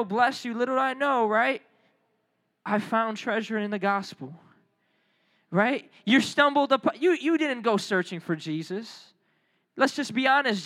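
A man preaching a sermon as a youth pastor, telling lively stories and calling on the crowd to respond. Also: very high voice.

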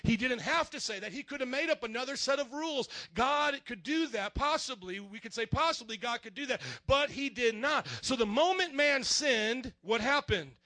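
Very high bright voice, guy pastor preaching, jokey and lively, dry close sound. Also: moderate pace, hardly any pauses, dry recording. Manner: animated and joking, addresses the congregation directly. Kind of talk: sermon. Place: church.

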